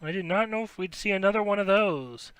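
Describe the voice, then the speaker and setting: A man hosting a sports card break, reading off player names one after another and breaking into excited shouts when a good card turns up. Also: high-pitched, brisk, clean tone, no room sound. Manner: rattles off player names, bursts into excited shouts at big pulls.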